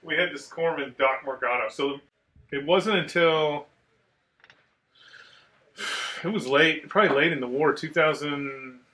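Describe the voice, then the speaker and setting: A man telling war stories in a casual, profane chat, animated as he acts out the people in them. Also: a little high, measured pace, pauses often. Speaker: podcast host, Marine veteran.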